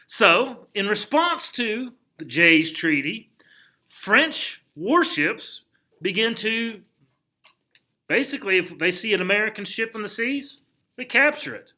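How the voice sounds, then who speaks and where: A man teaching a history class in a lively, conversational lecture, often putting rhetorical questions to the students. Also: sits high, slow. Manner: conversational, frequent restarts.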